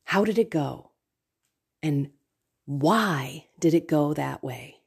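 Low-voiced woman chatting about faith. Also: expressive, takes it slowly, gravelly, slightly rough. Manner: chatty, laughs often, acts out quoted voices. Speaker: podcast host. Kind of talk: casual faith reflection.

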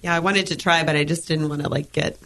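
A woman's voice: low-pitched, steady tone, quick pace, noisy background. A woman who brews beer, speaking in a casual chat and explaining things matter-of-factly. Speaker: brewer.

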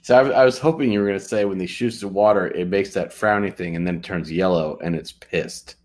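A man co-hosting a comedy podcast, pitching absurd movie ideas in a deadpan way. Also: fairly quick, slight background noise. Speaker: podcast co-host.

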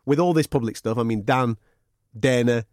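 A man's voice: mid-range voice, dry recording, studio quality. A man co-hosting a sports podcast, talking casually and doing mock quotes. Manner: animated, quick, mock quotes. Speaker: podcast co-host.

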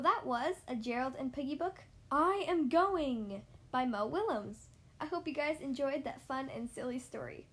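Upbeat woman reading to kids. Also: sits high. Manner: friendly, upbeat, speaking directly to listeners. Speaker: podcast host reading books to kids. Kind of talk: children's storybook read-aloud.

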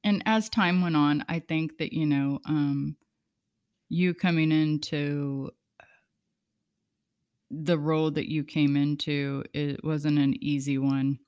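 A middle-aged woman with a low-pitched voice hosts a casual podcast chat. She tells family stories with animated energy, acting out what everyone said. The recording is dry and close. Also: slow, clear, resonant tone, dry recording. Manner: animated storyteller acting out quotes. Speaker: podcast host.

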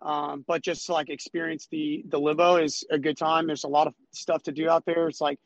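A young man speaking as a guest in a casual chat, relaxed and rambling. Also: on the high side, a little fast, creaky. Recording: dry, slightly dull sound.

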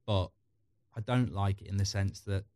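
A man's voice: low voice, steady tone, moderate pace, darkish tone, no echo, studio quality. A middle-aged man chatting candidly as a podcast guest, rambling through personal stories. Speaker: podcast guest, football YouTuber. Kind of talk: casual chat.

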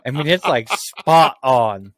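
A man's voice: mid-range voice, animated, slow pace, no room sound. A man co-hosting a podcast in casual, crude banter, cursing freely, rambling and laughing at his own stories. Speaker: podcast co-host.

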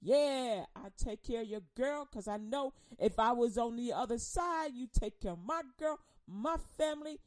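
A man's voice: very high voice, expressive, normal speed, hardly any pauses. A woman doing a slangy laid-back guy disciple. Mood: easygoing. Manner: casual street slang.

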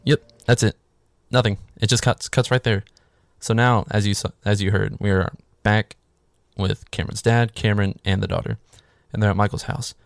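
A man talks through a film's plot in a loose, sarcastic way, swearing freely and padding his sentences with fillers. His voice sits low with a gravelly fry, recorded dry and close. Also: steady tone, normal speed, no room sound. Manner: sarcastic, profane, rambling with many "like" fillers. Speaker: movie recap host. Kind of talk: casual spoken film recap.

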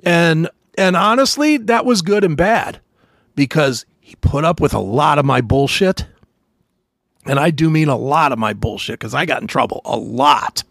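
A man hosting a podcast, telling army stories in a casual, profane way and loudly acting out the people he quotes. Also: fairly high pitch, moderate pace, gravelly, no room sound, studio quality. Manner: animated, swearing, acts out quotes loudly. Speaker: podcast host, former soldier. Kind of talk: casual storytelling chat.

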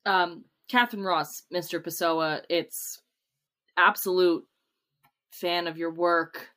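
A woman playing a tabletop game, unhurried and earnest. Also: on the low side, steady tone, fairly bright tone. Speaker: player. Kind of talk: casual tabletop play.

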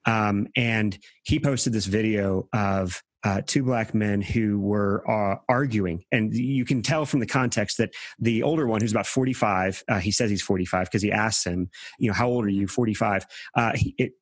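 A man hosting a reflective conversation, speaking earnestly and haltingly with many restarts. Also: lowish voice, no room sound, clean studio sound.

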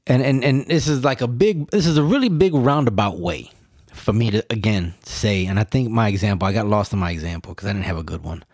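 A man's voice: fairly low pitch, a little fast, darkish tone, no echo, clean studio sound. A man hosting a casual solo podcast, rambling and swearing as he poses rhetorical questions to himself. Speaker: podcast host.

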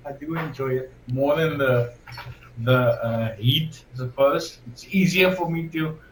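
A man from South Africa, a comic creator, answering interview questions slowly and hesitantly over a remote call. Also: mid-range voice, reverberant, a little hiss or hum, rough recording. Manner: slow, hesitant, with fillers.

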